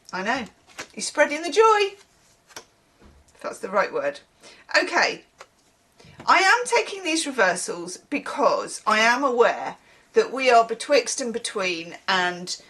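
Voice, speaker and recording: A woman giving a casual, rambling tarot reading, chatting with animated asides. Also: medium pitch. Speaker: tarot reader.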